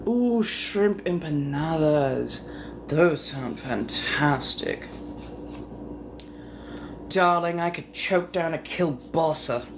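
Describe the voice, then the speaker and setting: Casting: unhurried woman host, lowish voice that swoops a lot, teasing innuendo, audible room noise behind her. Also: animated. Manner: flirty, teasing innuendo, muttering asides. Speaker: livestream host. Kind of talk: casual live-stream chat with viewers. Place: home.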